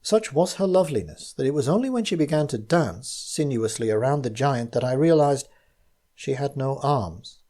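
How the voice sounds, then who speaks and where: A man reading his own gothic mystery story aloud, in measured first-person narration. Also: medium pitch, lively intonation, dark tone.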